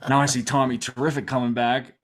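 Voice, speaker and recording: A man co-hosting a casual sports podcast, telling stories in an animated, laughing, exaggerated way. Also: mid-range voice, quick pace. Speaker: podcast co-host.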